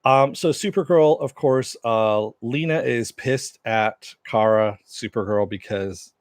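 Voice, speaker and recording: A man's voice: medium pitch, slow pace, dry recording, studio quality. A man hosting a casual live-stream chat about TV shows, answering viewers at home in a loose, rambling way with many fillers. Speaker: show host.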